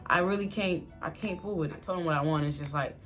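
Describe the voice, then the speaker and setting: A young woman with a slightly low voice rambles through a personal story for her channel, packing her talk with "like" and "you know" and acting out what everyone said. A faint bed of music sits behind her speech. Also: quick pace. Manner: animated, full of fillers, quotes herself and others. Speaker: vlogger. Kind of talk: casual storytime. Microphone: phone or camera mic.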